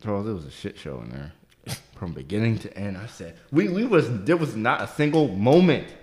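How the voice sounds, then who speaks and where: Guy with a lowish voice cracking up telling a crazy restaurant story, cusses a lot, squeaks when quoting folks. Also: a little fast. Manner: animated, profane, jumps into high-pitched quoted voices. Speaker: podcast co-host. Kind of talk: casual storytelling chat.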